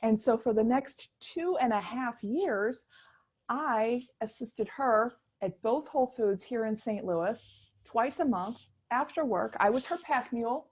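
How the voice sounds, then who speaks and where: A middle-aged woman, telling her story as a guest in a casual interview, animated and chatty with many restarts. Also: fairly high pitch, a little slow, breathy edge. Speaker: guest chef.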